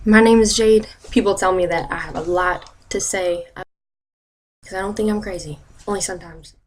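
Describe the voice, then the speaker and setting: A young woman in her twenties telling sarcastic, animated stories to her camera in a casual vlog. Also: mid-range voice, moderate pace. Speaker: vlogger.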